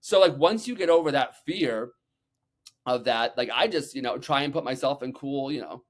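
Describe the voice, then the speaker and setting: A man guest on a podcast, telling energetic stories with loose swearing and many "like"s. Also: medium pitch. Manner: energetic, acts out quotes, talks fast with many "like"s. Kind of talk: animated storytelling, casual swearing.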